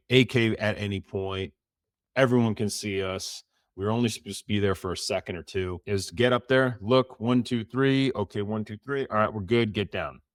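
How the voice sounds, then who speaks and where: A man's voice: low voice, no room sound, clean studio sound. A middle-aged man, a former Navy SEAL, vividly retelling a story in an interview and acting out the dialogue.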